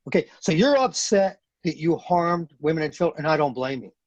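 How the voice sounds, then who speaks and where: A man's voice: a little high, animated, brisk, no room sound, dull audio. A man in his fifties, a retired Marine, telling a story as a podcast guest in a blunt, earnest way and repeating phrases for emphasis. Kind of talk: casual storytelling in a podcast interview.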